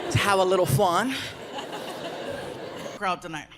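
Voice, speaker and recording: A high-pitched man doing a lively stand-up set on a big theater stage, throwing himself into loud, shouty character voices. A roaring crowd and heavy noise fill the live recording. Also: unhurried, long reverb tail. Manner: animated, puts on loud shouty Spanish-speaking voices. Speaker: stand-up comedian. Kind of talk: stand-up comedy routine. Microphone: stage microphone.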